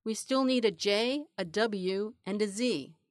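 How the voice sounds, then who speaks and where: A woman's voice: mid-range voice, a little slow, no room sound, natural voice. Earnest lizard girl, as a woman reads her, plain and matter-of-fact, dry close sound. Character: earnest female lizard, aspiring reporter.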